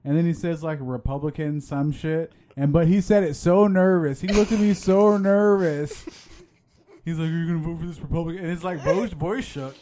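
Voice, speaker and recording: Brief: fired-up, swearing man, slightly high voice, casual podcast banter. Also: fairly even intonation, normal speed, dark tone. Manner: profane, heated and emphatic. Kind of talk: casual group chat.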